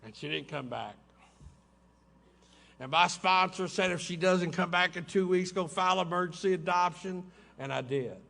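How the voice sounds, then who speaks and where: Speaking at a moderate pace in a high-pitched, creaky, sharp-toned voice, a middle-aged man tells his recovery story to a meeting. The setting is a hotel conference room, and his folksy testimony is peppered with laughing asides.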